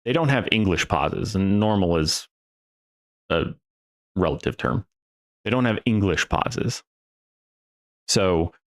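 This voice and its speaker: A man with a fairly low voice hosting a podcast monologue, taking his time over each thought. He drifts, restarts his sentences and drops a casual curse here and there. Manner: rambling and profane, with restarts and trailing pauses. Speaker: podcast host.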